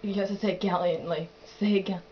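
A woman jokes around in casual home video banter, coaxing and giggly, with "like" and "yo" in nearly every sentence. Her middle-pitched voice comes through a dull, lo-fi camcorder recording. A faint hiss sits behind her. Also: steady tone, quick pace. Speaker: sibling filming at home.

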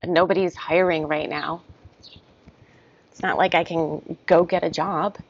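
A woman guiding an EFT tapping session, repeating short first-person statements about stress in a steady rhythm. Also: low-pitched, measured pace. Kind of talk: guided tapping, spoken affirmations. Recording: dull lo-fi sound, dry.

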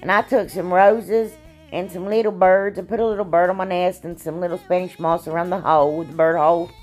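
With a lowish, slightly mellow voice and fairly even intonation, this craft channel host talks fairly quickly over soft background music. Her casual tutorial is chatty and folksy, loaded with "anyway"s and "y'all"s, and allergies leave her sounding a little froggy.

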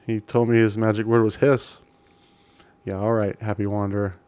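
A man's voice: fairly low pitch, level tone, moderate pace, dark tone, smooth, dry recording. A man casually commenting while playing an old adventure game, reading game text aloud with amused chuckles.

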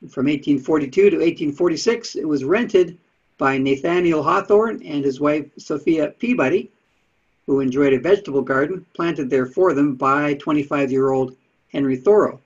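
The man's voice sits on the high side with a breathy edge, moving at a normal speed. He gives a casual, chatty lecture with slides on Unitarian history, adding dry asides, and the recording sounds dull and lo-fi.

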